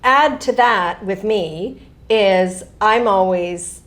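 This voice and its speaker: A middle-aged woman author talking casually in an interview, animated, often laughing and restarting her sentences. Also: mid-range voice, slow pace.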